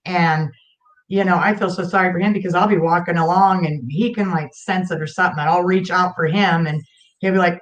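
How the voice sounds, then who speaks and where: A woman's voice: on the low side, muffled recording. A woman in her forties chatting as a guest, telling stories in a frank, emphatic way. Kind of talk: casual chat.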